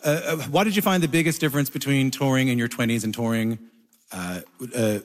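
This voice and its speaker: Brief: male interview host, mid pitch, halting searching questions, long reverb. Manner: halting, searching phrasing with restarts.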